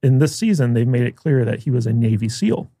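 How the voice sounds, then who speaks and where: A man's voice: mid-range voice, animated, fairly quick, dark tone, no room sound. A man co-hosting a podcast, chatting casually and rambling through his points with fillers and restarts. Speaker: podcast co-host. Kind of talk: casual chat about a TV series.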